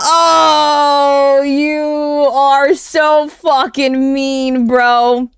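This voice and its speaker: A woman streamer reacts live in a high, drawn-out voice, swearing through exasperated outbursts. She speaks slowly. The sound is close and dry, with no room around it. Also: fairly bright tone, no echo. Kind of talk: casual livestream reaction.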